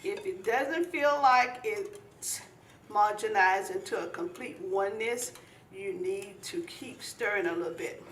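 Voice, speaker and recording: A woman's voice: mid-range voice, measured pace, fairly bright tone, slight background noise. A woman from eastern North Carolina, demonstrating a recipe in a folksy, instructive way. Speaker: home cook demonstrating a recipe. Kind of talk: cooking demonstration. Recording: echoey kitchen, mic at a distance.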